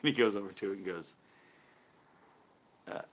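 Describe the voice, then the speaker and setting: A man's voice: on the low side, animated, normal speed, slight background noise. A man co-hosting a live stream, rambling and laughing through casual jokey chat.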